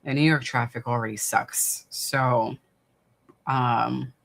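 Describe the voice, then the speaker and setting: A chatty livestream host from the New York area who talks in loose, rambling runs, full of "um" and restarts. The voice sits at an ordinary middle pitch, and the delivery stays casual and unhurried, like someone reading out viewer comments on a desktop streaming mic at home. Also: steady tone, vocal fry, a bit bright. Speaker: livestream watch-party host.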